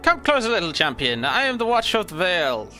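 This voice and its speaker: Ancient spirit guardian, grave and measured, voiced by a man reading game text, bright tense tone over faint music. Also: high voice, sing-song, voice pushed up, heavily acted. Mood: solemn.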